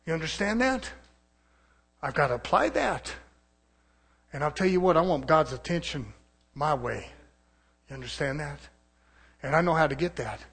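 A man preaching a fervent sermon, swinging from loud, rising shouts to low, quiet stretches. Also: creaky, breathy edge.

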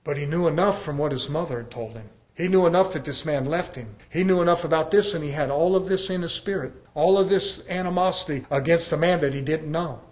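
A man's voice: fairly high pitch, brisk, hardly any pauses. A male pastor preaching a sermon in an earnest way, addressing the congregation as brethren and telling stories with acted-out dialogue. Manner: conversational storytelling with acted-out dialogue.

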